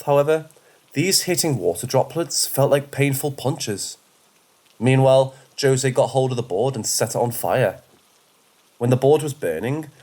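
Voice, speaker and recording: Man, horror storyteller, measured reading, mid-pitched voice. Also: darkish tone. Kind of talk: scripted horror story narration.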